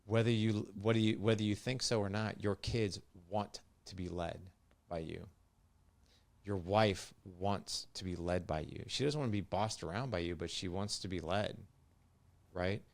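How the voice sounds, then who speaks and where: A man's voice: low-pitched, fairly even intonation, normal speed, creaky. A man in his late forties, a podcast guest, speaking directly and emphatically, often repeating himself as he makes a point. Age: 40s. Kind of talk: direct conversational talk.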